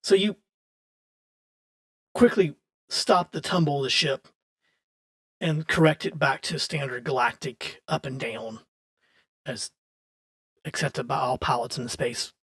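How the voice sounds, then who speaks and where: A man with a slightly raised pitch runs a tabletop game as game master. His narration is loose and conversational, full of restarts and easy laughter. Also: measured pace, gravelly, long pauses, fairly bright tone. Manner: chatty, loose, often laughing, many restarts.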